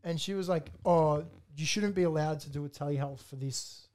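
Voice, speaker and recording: A young man holds forth in loose podcast banter. He rants and swears as he retells his phone calls, his voice sitting a little high. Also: moderate pace, darkish tone. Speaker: podcast co-host. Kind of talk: casual chat.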